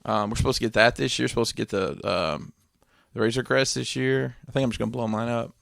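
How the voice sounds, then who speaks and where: A man's voice: medium pitch, quick pace, gravelly, a bit bright, no echo, studio quality. A man co-hosting a podcast, telling a story in casual chat, swearing and laughing along the way. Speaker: podcast host.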